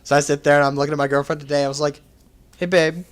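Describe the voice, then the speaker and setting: A man's voice: a little high, monotone, rapid-fire, clear, resonant tone. A young man hosting a casual podcast over a voice call, rambling through stories, swearing freely and acting out the voices he quotes. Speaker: podcast host. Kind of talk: casual chat.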